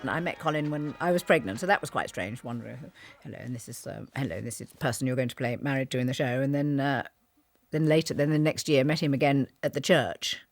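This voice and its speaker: A woman's voice: a bass voice, quick pace, soft background music. A woman in a TV interview, chatting in an amused way about meeting her husband. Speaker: actress being interviewed.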